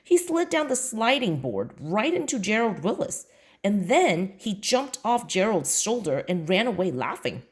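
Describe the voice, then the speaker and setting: A woman's voice: medium pitch, sing-song, unhurried, pitched above the performer's own voice. A woman voicing an earnest third-grade boy. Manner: eager, indignant outbursts. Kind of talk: children's book read aloud.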